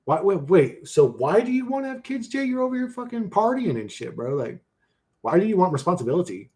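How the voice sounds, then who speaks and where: A man in his forties chatting casually on a livestream, slangy and profane, laughing often and swinging between mumbling and loud bursts. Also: high-pitched, very animated, fairly quick. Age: 40s.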